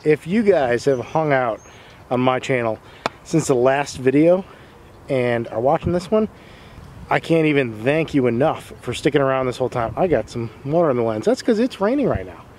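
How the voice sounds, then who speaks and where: A young fishing-channel host talks casually into a camera mic beside a pond in the rain, his mid-range voice moving at a moderate pace over slight background noise. It's upbeat outdoor vlog chatter, and he gets excited when he lands a fish.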